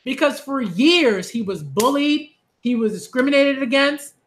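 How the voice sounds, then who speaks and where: A man giving a ranting commentary vlog on manga, animated and exasperated, repeating phrases for emphasis. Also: very high-pitched, measured pace, slight background noise.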